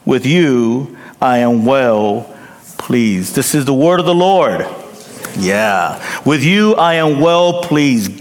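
Slow-preaching pastor in a reverberant hall. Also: male voice, a little high. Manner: emphatic, swings between loud peaks and hushed drops, checks in with the congregation. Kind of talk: sermon.

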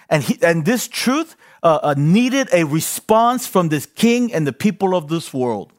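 Man, pastor, sermon, high voice, slow deliberate delivery, repeats phrases. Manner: animated preaching with repeated phrases and call-and-response.

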